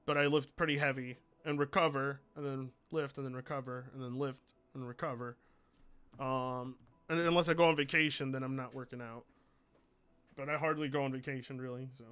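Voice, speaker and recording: A man's voice: medium pitch, fairly even intonation, brisk, fairly bright tone, clean tone. A man streaming live, chatting loosely, swearing freely and reading out donations. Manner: rambling, swears freely, reads donations aloud. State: mellowed out. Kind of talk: casual livestream chat.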